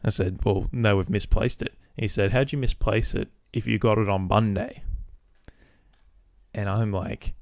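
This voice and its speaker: A man's voice: fairly low pitch, steady tone, unhurried, creaky, a little mellow, no echo, studio quality. A man hosting a podcast, telling a casual story about his workday with swearing, acting out both sides of phone calls. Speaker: podcast host.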